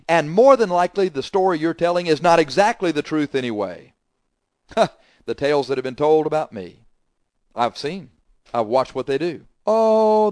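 A man's voice: on the high side, a little mellow, dry recording, clean studio sound. A man preaching a sermon, hammering the congregation with confrontational rhetorical questions.

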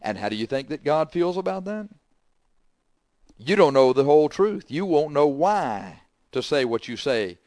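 A man's voice: a little high, big pitch swings, moderate pace, a little mellow, no room sound, clean studio sound. A man preaching a sermon, hammering the congregation with confrontational rhetorical questions.

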